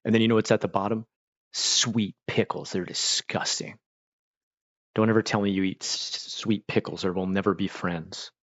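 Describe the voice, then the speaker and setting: A man's voice: fairly low pitch, fairly even intonation, fast talker, few pauses, no echo, muffled recording. A man from Pennsylvania hosting a casual livestream, rambling and chatting while he eats. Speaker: livestream host.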